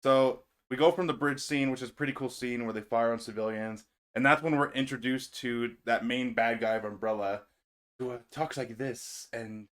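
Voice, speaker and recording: A man hosting a relaxed movie talk, speaking at a mid pitch. He talks loosely, swears freely and laughs easily. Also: fairly quick, hardly any pauses, clean tone. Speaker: host. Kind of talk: casual movie discussion chat.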